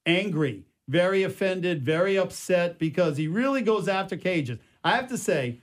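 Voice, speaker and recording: Male radio host from Louisiana, talkative and rambling, slightly higher voice. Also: expressive, normal speed. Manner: rambling, many restarts and fillers. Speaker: radio talk show host. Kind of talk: casual talk radio chat. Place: radio studio.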